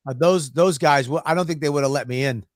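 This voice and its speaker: A man with a fairly high voice speaks briskly on a podcast where he's a co-host, spinning an exasperated, swear-filled story and voicing both sides of the exchange. The recording is dry, with clean studio sound.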